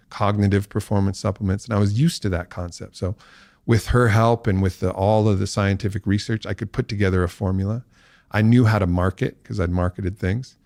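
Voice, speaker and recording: A man's voice: on the low side, creaky, darkish tone, dry recording, clean studio sound. A man as a podcast guest, telling a long story and acting out the voices of people he quotes.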